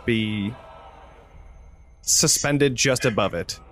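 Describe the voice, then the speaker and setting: A man running a tabletop role-playing game as game master, describing scenes in a measured way. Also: medium pitch, a bit bright.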